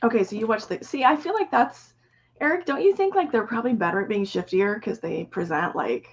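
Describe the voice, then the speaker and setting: A woman co-hosting a casual chat, quick and teasing. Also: on the high side, animated, breathy edge, dull audio. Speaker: co-host.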